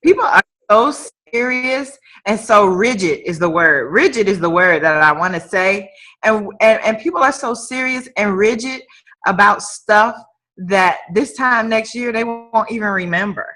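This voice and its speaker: A woman guest entrepreneur speaks on a live-streamed motivational conversation, her fairly high voice expressive, bright and forceful at a normal speed. She preaches emphatically, repeating phrases for weight, and the sound comes through an online live stream.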